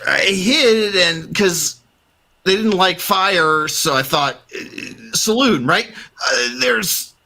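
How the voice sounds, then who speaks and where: A man doing a panicked Old West doctor, high and frantic, stammering, swooping pitch. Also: lively intonation, slow, gravelly, pushed and bright, exaggerated voice.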